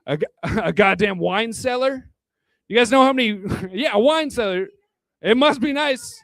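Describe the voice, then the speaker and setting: Tipsy male stand-up comic with a high voice, crude and rambling, chuckles at his own jokes into a dry handheld mic. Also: animated, moderate pace, a bit bright, dry recording. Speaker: stand-up comedian. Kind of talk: stand-up comedy set. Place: bar hosting a live comedy night. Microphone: handheld microphone.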